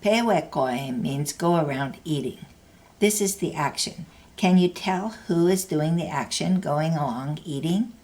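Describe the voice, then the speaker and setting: A woman's voice: low-pitched, a little slow, a little mellow. A woman teaching a language lesson, explaining grammar carefully in a scripted narration.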